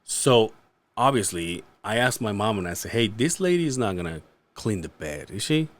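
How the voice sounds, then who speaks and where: Lively low-voiced man, raunchy banter. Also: normal speed. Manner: animated, laughs often, raunchy jokes. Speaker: guest comedian. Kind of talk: casual comedic chat.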